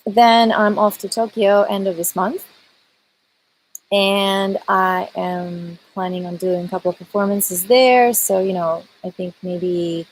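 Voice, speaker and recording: Hosting a casual live-stream chat, a woman singer greets viewers by name and talks with many fillers. Her voice is lowish, and the rough recording carries slight background noise.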